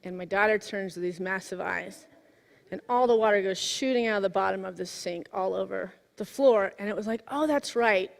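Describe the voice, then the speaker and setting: A woman in her forties giving a sermon, telling a personal story in a lively way that swings from hushed to exclaiming. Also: medium pitch, a little fast, creaky. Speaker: minister. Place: church sanctuary. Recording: long hall reverb.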